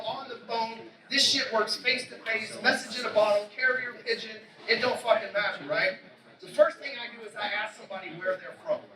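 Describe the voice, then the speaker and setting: Man, profane sales keynote, fast and high-pitched, roomy hall with a crowd, mic from a distance. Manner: brash, swears constantly, punchy. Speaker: keynote speaker. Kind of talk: profane motivational sales talk. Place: event stage before a live audience.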